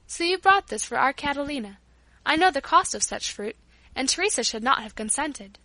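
A woman's voice: high voice, expressive, moderate pace, no echo, exaggerated voice. A woman reading the lines of a middle-aged father and uncle who teases dryly and turns tender, in a storybook reading. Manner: dry, teasing, then gentle.

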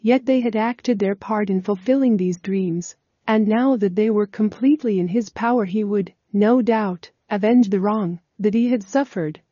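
Mellow-voiced woman narrating a Bible story. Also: mid-range voice, no echo, muffled recording. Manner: measured, formal storytelling.

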